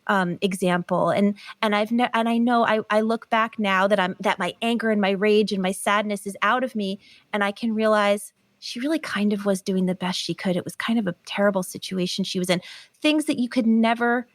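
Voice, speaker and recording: A woman guest on a podcast, explaining a healing method in an earnest, animated way. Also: mid-range voice, brisk, no echo. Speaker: guest, pain recovery author. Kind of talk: podcast interview.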